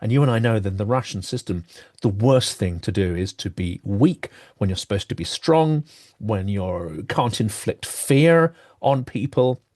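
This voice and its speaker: A man hosting a political discussion, thinking aloud with pauses and shifting emphasis. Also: on the low side, expressive, darkish tone. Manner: reflective, pausing with ums, varied emphasis. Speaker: podcast host. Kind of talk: discussion interview.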